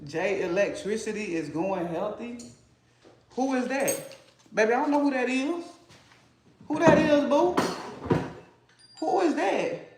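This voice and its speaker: A man's voice: very high-pitched, unhurried, long pauses, noisy background. A man hosting a casual cooking livestream, talking playfully and teasing his chat while he cooks. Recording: echoey room.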